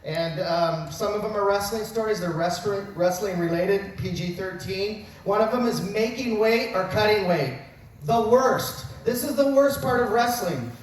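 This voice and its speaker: A man's voice: sits high, moderate pace. A man in his fifties, a wrestling coach, telling funny self-mocking stories in an after-dinner speech. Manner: joking storyteller with self-mocking asides. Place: large banquet hall at a dinner event. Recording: very echoey hall recorded from far off, faint noise.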